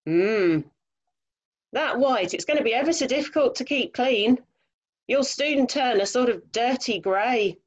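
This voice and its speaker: A woman's voice: a little high, animated, a little slow. A woman voicing a practical, fussy male monkey in a storybook reading, matter-of-fact in manner.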